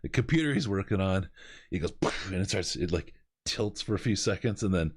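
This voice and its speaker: A man hosting a podcast, telling stories in an animated way and laughing as he goes. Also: low voice, a little fast, slightly rough, no room sound, studio quality. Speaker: podcast host. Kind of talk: casual storytelling.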